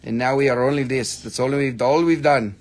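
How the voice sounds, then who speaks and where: A man's voice: mid-range voice, steady tone, brisk, slight background noise. A man hosting a live online rock and mineral sale, chatting casually, joking and swearing as he shows off pieces and their prices. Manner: profane, joking, breaks into snippets of song. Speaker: live-stream crystal seller. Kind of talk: casual live sales chat.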